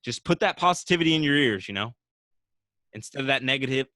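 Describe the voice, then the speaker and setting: A man's voice: mid-range voice, expressive, fast talker, bright, forceful tone, no echo. A man hosting a casual podcast, upbeat and encouraging, turning often to speak straight to his listeners. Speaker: podcast host.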